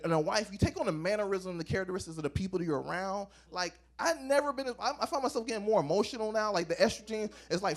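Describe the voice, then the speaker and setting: Guy in his 30s doing stand-up into a handheld mic, high voice, super animated, keeps doing little voices. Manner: animated, acts out voices, swings pitch. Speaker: stand-up comedian. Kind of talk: stand-up comedy set. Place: comedy club stage.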